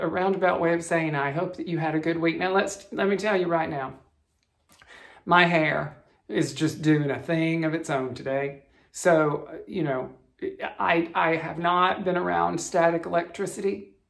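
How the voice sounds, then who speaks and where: A woman's voice: low voice, creaky. A woman hosting a cross-stitch vlog from her bedroom, chatting in a friendly, rambling way to her viewers. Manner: friendly, chatty, with frequent restarts and soft laughs. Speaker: cross-stitch vlogger host. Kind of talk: casual chat to viewers. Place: bedroom at home.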